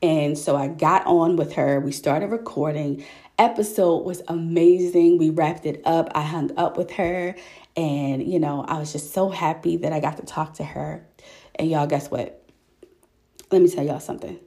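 Young woman hosting her podcast, slightly low voice, animated storyteller, keeps saying y'all. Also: moderate pace. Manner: chatty, animated storytelling, addresses listeners as y'all. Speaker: podcast host. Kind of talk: casual solo chat.

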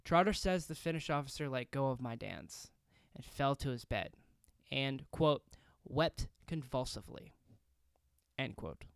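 A man's voice: mid-range voice, lively intonation, moderate pace, vocal fry, smooth, dry recording, clean studio sound. A man narrating history in a casual podcast style, with conversational, reflective asides and the odd filler.

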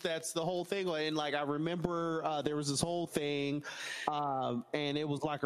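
A man's voice: fairly high pitch, big-room sound. A man hosting a live podcast, chatting casually and joking with loose, profane storytelling. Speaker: podcast host.

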